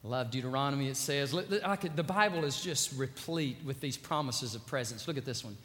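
A pastor preaching a sermon in a large church, quoting scripture with a preacher's rising cadence. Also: male voice, mid-range voice, a little fast, a bit bright. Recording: church reverb.

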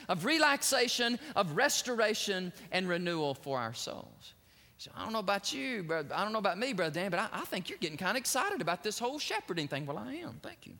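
High, lively preaching man in a hall. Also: fairly quick. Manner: rising, emphatic preaching with sudden swells. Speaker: pastor. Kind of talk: sermon.

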